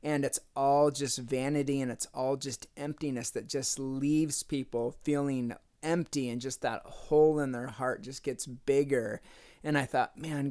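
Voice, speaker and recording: A man's voice: medium pitch, darkish tone, clean tone. A man from the United States telling a personal faith story in a casual, conversational way, often acting out what people said. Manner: conversational, acts out quoted dialogue with "I'm like". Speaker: speaker sharing a faith testimony.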